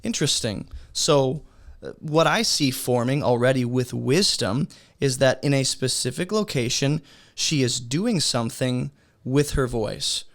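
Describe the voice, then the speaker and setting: A man's voice: mid-range voice, expressive, unhurried, gravelly. Man teaching a casual Bible lesson. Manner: conversational, explains with frequent "um" and rhetorical questions.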